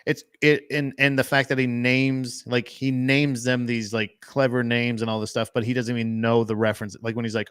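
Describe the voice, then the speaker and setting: A man's voice: medium pitch, level tone, normal speed, few pauses, fairly bright tone, clear, resonant tone, no room sound. A man chatting casually about movies as a podcast co-host, rambling with lots of fillers and swearing.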